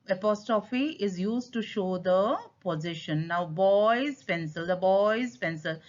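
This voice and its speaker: A woman with an Indian English accent teaching a grammar lesson, stressing key words and slipping into Hindi to explain. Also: a little high. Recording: dull lo-fi sound.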